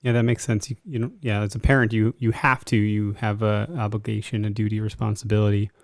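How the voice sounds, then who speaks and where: A man with a gravelly, creaky voice hosts a casual talk show and leads his guest through the questions in an easy, conversational way. His voice sounds dry and close, with no room echo. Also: lowish voice, flat delivery, quick pace. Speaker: host. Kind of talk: casual interview. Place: Wisconsin.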